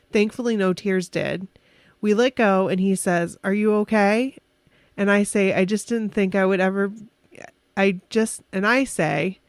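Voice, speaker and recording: A woman's voice: mid-range voice, no echo. A woman co-hosting a casual podcast, chatty and giggly as she reads a fan story aloud, stumbling over words and correcting herself. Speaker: podcast co-host.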